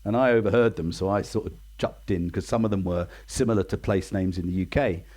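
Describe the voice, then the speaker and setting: A man's voice: deep voice, a little fast, a little mellow. Chatty English man in his sixties. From England. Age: 60s. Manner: chatty, self-deprecating, acts out quoted voices. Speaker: guest. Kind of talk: casual storytelling interview.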